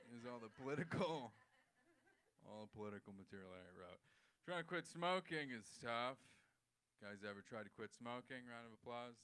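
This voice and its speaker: A man's voice: medium pitch, bright, forceful tone, smooth. A man doing a loose, conversational stand-up set on a comedy club stage, acting out voices in his stories.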